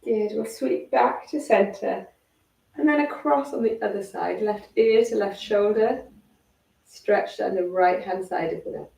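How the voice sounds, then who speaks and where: A croaky woman instructor talks a class through gentle neck and shoulder stretches, calm and encouraging. Her voice has a gravelly edge, and she sounds a little far from the mic in an echoey room. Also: mid-range voice, unhurried. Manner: calm, encouraging step-by-step cueing. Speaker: fitness instructor.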